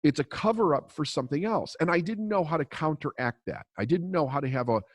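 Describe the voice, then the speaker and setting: A man's voice: fairly high pitch, lively intonation, quick pace, no echo. A man coaching on mindset in a podcast interview, telling a story in a blunt, emphatic way and swearing freely.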